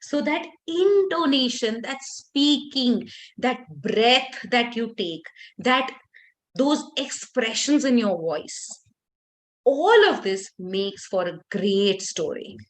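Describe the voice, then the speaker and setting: A woman leading a workshop for teachers, talking expressively with lively intonation and frequent restarts. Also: fairly high pitch, slow pace. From India.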